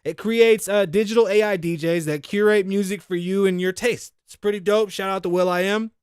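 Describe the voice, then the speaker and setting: A middle-aged man hosting a podcast, ranting in casual, profane, animated commentary and wheezing a little. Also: high-pitched, fairly quick, clean tone, no room sound, studio quality. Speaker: podcast host.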